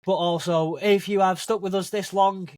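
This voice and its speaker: A man's voice: high voice, steady tone, normal speed, darkish tone, dry recording. A British man hosting a podcast, teasing his co-host in casual chat and signing off the show. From Britain. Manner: teasing, wraps up with show sign-off.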